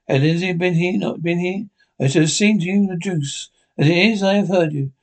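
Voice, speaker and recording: A man reading an audiobook voices a blustering, pompous country squire who exclaims loudly. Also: high-pitched, moderate pace.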